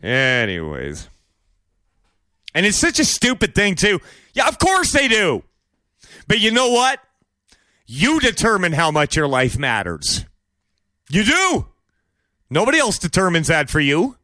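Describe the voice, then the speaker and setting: A man with a high, tense, bright voice delivers an opinionated solo commentary. He needles his audience with sarcastic rhetorical questions and mocking asides. The sound is close and dry, with no room around it. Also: huge pitch swings, a little slow, pauses often, no room sound. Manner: bursts into exaggerated shouted impressions. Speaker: podcast host.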